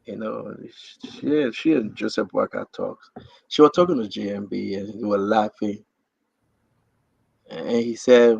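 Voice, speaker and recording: A man's voice: on the low side, steady tone, unhurried, vocal fry, darkish tone, husky, dry recording, muffled recording. A man with a Liberian accent hosting a livestream, giving an impassioned political address to his online viewers with rousing, repetitive rallying cries. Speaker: livestream host.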